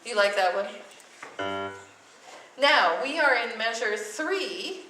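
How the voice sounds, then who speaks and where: A woman's voice: a little high, lively intonation, slow. A woman music teacher leading a class, singing note names to demonstrate and quizzing students. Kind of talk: classroom lesson with sung solfege. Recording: echoey classroom from far off, noisy.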